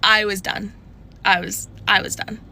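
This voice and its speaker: A woman in her twenties telling a casual storytime, chatty and animated, full of likes and restarts. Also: a little slow, vocal fry. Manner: animated, shifting pitch often.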